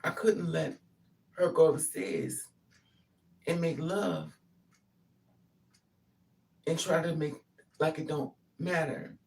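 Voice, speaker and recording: Speaking slowly in a low voice with vocal fry and frequent pauses, a woman tells a personal story as a casual monologue. She animatedly acts out what others said, and the distant mic picks up faint noise.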